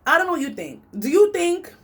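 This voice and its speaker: A woman telling a story in an animated, chatty vlog. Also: fairly quick. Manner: animated and chatty, big swings in pitch. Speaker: vlogger.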